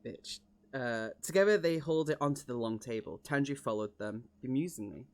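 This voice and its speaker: A man's voice: mid-range voice, expressive, a little fast, darkish tone. A man streaming a casual read-along, chatting and correcting his own slips as he goes. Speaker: streamer reading a book aloud.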